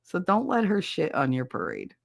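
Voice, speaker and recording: A woman's voice: lowish voice, huge pitch swings, moderate pace, creaky, no echo, clean studio sound. A woman hosting a podcast, chatting casually with listeners, blunt and swearing freely. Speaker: podcast host reading listener chat. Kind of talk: casual chat.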